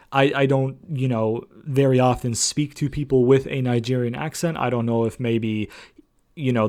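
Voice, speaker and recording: A man's voice: medium pitch, a little mellow. A young man giving a casual, rambling recap of a wrestling show, full of fillers and casual swearing.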